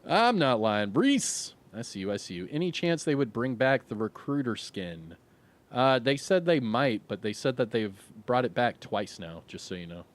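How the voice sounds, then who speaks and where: A man's voice: mid-range voice, animated, normal speed. A middle-aged man streaming live, chatting casually and reading viewer questions, laid-back and rambling with lots of fillers.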